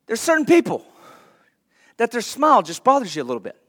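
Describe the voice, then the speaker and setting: A man's voice: very high voice, wildly swooping pitch, brisk, a bit bright. A man preaching a sermon to his church in a conversational way, laughing lightly now and then. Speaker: pastor.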